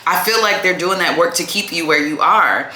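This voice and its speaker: A woman with a low but bright, forceful voice reads tarot cards in a loose, chatty way. She calls the listener "baby" and fills her talk with "like". The sound bounces around an echoey room. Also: moderate pace, a little hiss or hum. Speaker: tarot reader. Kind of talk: casual tarot reading to camera.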